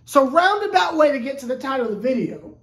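A woman's voice: high voice, sing-song, fast talker. A woman sports YouTuber talking in a casual, rambling vlog rant. She is sarcastic and keeps restarting her sentences. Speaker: sports YouTuber covering a basketball team.

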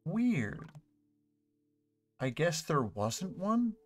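A man's voice: mid-range voice, normal speed, faint music behind. A man casually commenting while playing a video game, thinking aloud and correcting himself as he goes. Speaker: streamer. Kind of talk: casual let's play commentary.

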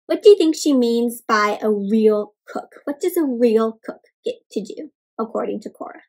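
A young adult woman with a high voice reads a picture book aloud to children at a normal pace. She often pauses to ask questions and gasps with excitement, keeping her storytelling animated and engaging.

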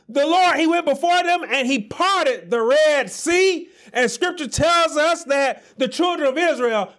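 Slow, high-pitched preaching man. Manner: impassioned preaching, often shouting, dropping to low asides. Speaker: pastor. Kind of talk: sermon.

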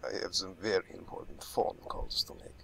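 A man voicing a shady male business associate in a low, hushed voice that trails toward a whisper. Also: fairly even intonation, fairly quick, gravelly. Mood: secretive. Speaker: map character. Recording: distant game audio, faint noise.

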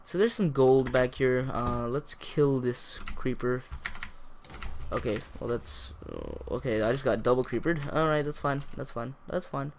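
This is a man in a steady mid-range voice, giving casual commentary over his own video game play. He rambles and talks to himself, now and then bursting into excitement. Faint keyboard clatter sits under his voice. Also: medium pitch, measured pace, a little hiss or hum. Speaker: gaming YouTuber.

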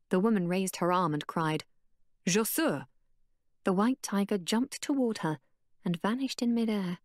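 A woman narrating an audiobook in a steady, even storytelling manner. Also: mid-range voice, no echo, studio quality. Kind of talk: scripted narration.

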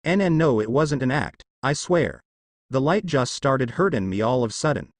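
A man's voice: medium pitch, expressive, moderate pace, no echo, studio quality, close to an everyday voice. A man voicing a brash, whiny teenage boy ninja who complains a lot. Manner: complaining, whining.

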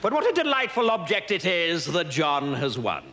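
A bitter, sarcastic actor. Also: male voice, fairly high pitch, wildly swooping pitch, normal speed. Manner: stiffly polite, barbed and sarcastic. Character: bitter, jealous male actor accepting a rival's award. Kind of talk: live stage sketch, acceptance speech. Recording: live stage recording with loud hiss.

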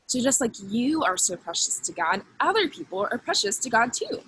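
A woman's voice: a little high, sing-song, normal speed, bright, forceful tone, breathy edge, poor audio. A young woman teaching children a Bible lesson in an upbeat way, leading call-and-response with them.

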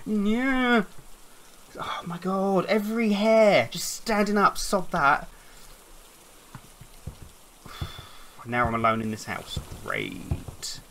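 A woman's voice: medium pitch, sing-song, takes it slowly, pauses often, fairly bright tone, a little hiss or hum. Jumpy, swearing woman gamer. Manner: jumpy, swears a lot, stammers when scared. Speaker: let's play gamer. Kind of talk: horror game commentary.

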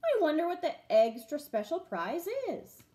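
Brief: woman voicing an eager storybook turkey, high and lively, gobbling, roomy echo. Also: moderate pace. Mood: excited. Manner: loud gobbling exclamations. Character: excitable male turkey in disguise.

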